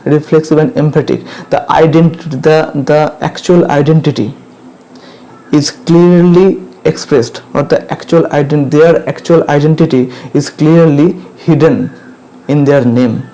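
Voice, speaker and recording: A man gives a grammar lesson in a mellow, somewhat higher voice. He repeats each rule several times and keeps checking that students follow, while insects chirp faintly behind him. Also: measured pace, low-quality recording. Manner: repetitive, drills points again and again with checking questions. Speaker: English grammar teacher.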